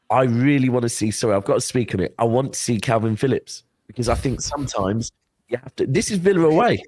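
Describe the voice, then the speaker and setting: An earnest man argues his case on a football panel, restarting his sentences as he goes. His voice sits at a middle pitch. The sound is dry and close. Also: a little mellow, no echo. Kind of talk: casual panel chat.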